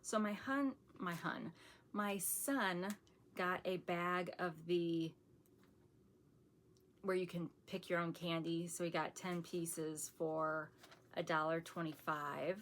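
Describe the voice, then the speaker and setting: Chatty low-voiced woman vlogger. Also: fairly even intonation, slow, a bit bright, a little hiss or hum. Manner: chatty, rambling, laughs often, self-described sarcastic. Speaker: vlogger showing a shopping haul. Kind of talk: casual haul chat.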